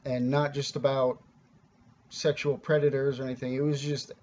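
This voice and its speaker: A man's voice: medium pitch, little pitch movement, moderate pace, a little mellow, highs cut off, a little hiss or hum. A man giving a casual, rambling spiritual teaching, earnest and informal, with many restarts and the odd swear word.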